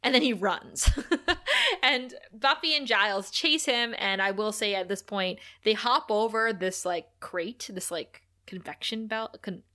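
A woman co-hosting a podcast, chatting casually as she recaps a TV episode, animated and laughing often. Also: mid-range voice, unhurried. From Canada. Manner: chatty, animated, laughs a lot, many likes. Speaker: podcast co-host.

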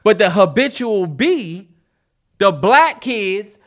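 A young man with a DMV accent, co-hosting a podcast in casual, animated chat. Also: sits high. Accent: DMV African American English. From DC-Maryland-Virginia area. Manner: animated, laughs often, quick back-and-forth. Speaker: podcast co-host.

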